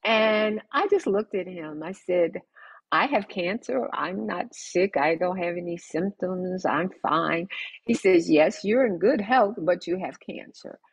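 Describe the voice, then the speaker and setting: An older woman recounts her story as a podcast guest, her husky voice rising and falling as she acts out each exchange. She sounds emphatic and animated. The recording is dry and close. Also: on the low side, unhurried, no room sound, low-quality recording. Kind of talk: conversational storytelling.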